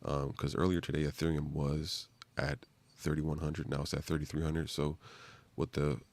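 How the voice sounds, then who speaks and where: On a live stream, a man with an extremely low, strongly gravelly voice rambles loosely in casual slang, leaning heavily on fillers. His delivery stays flat in pitch at normal speed, with a darkish tone and a dry recording.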